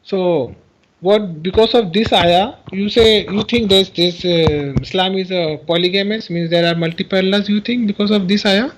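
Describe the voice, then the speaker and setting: A man's voice: high-pitched, normal speed, slight background noise, poor audio. A man calling in to a live-streamed religious debate, earnestly explaining his view at length and talking over interruptions. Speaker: caller in a debate.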